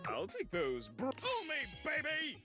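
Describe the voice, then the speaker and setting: A man's voice: very high-pitched, huge pitch swings, measured pace, bright, forceful tone, full character voice. A man voicing a hyper, showy male gacha machine in a video game, hyping every pull like a game show. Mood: hyped. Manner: over-the-top game-show hype. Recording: game audio with music faint behind.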